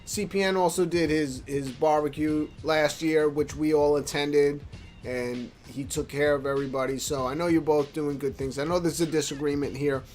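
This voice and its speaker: A drunk man hosting a podcast, trying to calm a dispute between friends. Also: a little high, moderate pace, faint music behind. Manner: conciliatory, rambling. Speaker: podcast host. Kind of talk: casual podcast talk.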